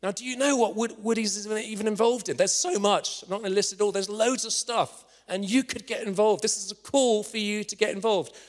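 In a reverberant church hall, a guest preacher speaks in a high, steady voice, a little fast and with few pauses. He passionately urges his listeners to get involved, sinking to a hushed whisper as his story reaches its climax.

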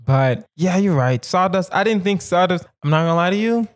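A young man hosts a loose comedy podcast, his voice sitting a bit high. He talks playfully, repeats lines for the laugh and laughs easily. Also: animated, brisk. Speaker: podcast host. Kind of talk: casual comedy podcast chat.

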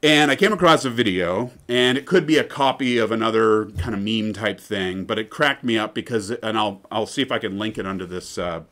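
A man's voice: lowish voice, a little fast, few pauses, a bit bright. A man giving an informal lecture in a chatty, digressive way, often checking in with "right?".

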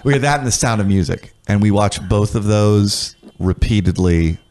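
A man's voice: on the low side, normal speed, darkish tone. A man guesting on a podcast, chatting casually with a wry, dry sense of humor. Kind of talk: casual chat.

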